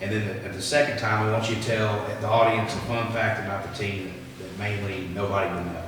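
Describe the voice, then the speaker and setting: A man hosting a sports interview show, asking questions in a halting way with many fillers. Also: lowish voice, flat delivery, crowd noise. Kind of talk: casual interview. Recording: echoey hall, distant mic, noisy.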